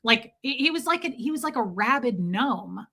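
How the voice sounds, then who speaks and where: Bright lady streamer ranting, swears a lot, comedic and animated. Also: a little high, moderate pace, vocal fry. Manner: profane, animated storytelling. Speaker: live streamer. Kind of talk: comedic rant on a live stream.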